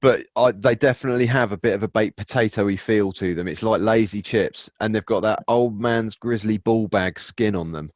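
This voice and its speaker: A man's voice: on the low side, moderate pace, few pauses, no echo. A man co-hosting a casual podcast chat, rambling and cursing, often stopping to restart his sentences. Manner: rambling, self-interrupting, profane. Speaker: podcast co-host. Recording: dull, dry lo-fi sound.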